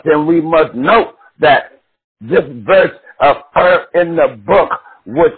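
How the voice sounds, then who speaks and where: A man preaching a sermon with passion, swinging from shouted cries to hushed murmurs and drawing out words slowly. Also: on the high side, breathy edge. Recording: tinny phone-like recording.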